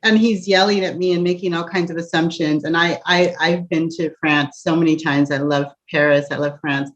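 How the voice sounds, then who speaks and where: An American empath coach tells an encouraging story in an animated way, laughing often and making asides to the listener. Her voice sits low at a moderate pace, captured on a dull lo-fi recording.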